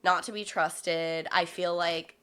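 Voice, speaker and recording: A woman's voice: fairly low pitch, fairly even intonation, fairly bright tone, smooth. Chatty young woman podcast co-host. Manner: chatty, fast, lots of fillers and quoting others. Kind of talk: casual chat.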